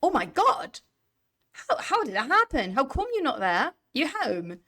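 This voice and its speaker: A woman's voice: sits high, wildly swooping pitch, a little slow, fairly bright tone. A woman live-streaming from home, chatting casually with viewers, rambling and restarting her sentences while sitting back from her desk mic. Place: home room. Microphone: desk mic, sitting away from it.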